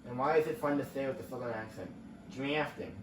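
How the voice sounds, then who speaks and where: A man's voice: mid-range voice, very fast, noisy background. A young man casually rambling as he plays a racing game for his channel, reacting to the action as it happens. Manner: rambling, chatty, reacting to gameplay. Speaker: gaming channel host. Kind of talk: casual let's-play commentary. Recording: roomy, distant mic with faint ambience.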